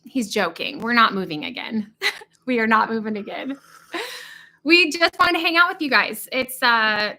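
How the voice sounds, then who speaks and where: Woman, livestream host; casual, excitable chatter, slightly high and bright. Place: indoors in a cabin. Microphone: not her usual podcast microphone.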